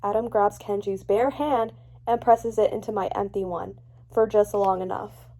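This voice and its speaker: A young woman vlogging about a book she is reading, chatty and animated as she swings between gushing and ranting. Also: mid-range voice, moderate pace. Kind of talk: casual reading reaction vlog.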